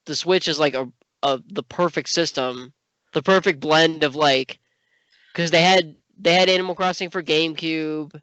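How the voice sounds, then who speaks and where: A podcast co-host chatting casually, rambling with lots of fillers and breaking into animated outbursts. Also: medium pitch, moderate pace, dry recording. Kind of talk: casual chat. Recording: dry, dull lo-fi sound.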